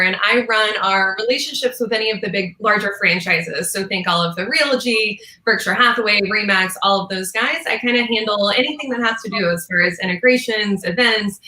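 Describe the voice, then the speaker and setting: Woman, upbeat, brisk, bright voice, casual interview chat, roomy echoey sound. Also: medium pitch. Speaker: guest interviewer, tech partnerships manager. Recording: roomy echo.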